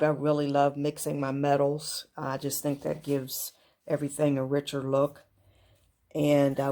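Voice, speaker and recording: A woman's voice: low voice, dark tone. A woman giving a casual show-and-tell of her home decor, chatty and full of fillers and unsure asides. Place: at home beside a kitchen cart. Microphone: handheld camera moved up close.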